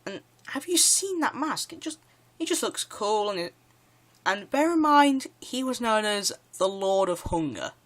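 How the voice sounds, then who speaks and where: A man's voice: high voice, fairly bright tone. Eager man rambling through a countdown. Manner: rambling and eager, with frequent "yeah" and restarts. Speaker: video creator. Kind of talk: casual countdown commentary.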